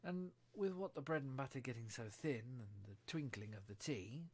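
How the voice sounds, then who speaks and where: A man's voice: mid-range voice, expressive, normal speed, husky. Man doing a trembling, nervous hatter. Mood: anxious. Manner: anxious and pleading.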